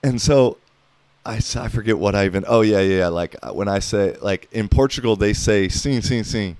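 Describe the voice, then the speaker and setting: A lowish, slightly mellow, smooth voice moves fairly quickly with no room sound behind it. The speaker, an American man in his thirties hosting a podcast, keeps things loose, profane, and heavy on filler as he rambles.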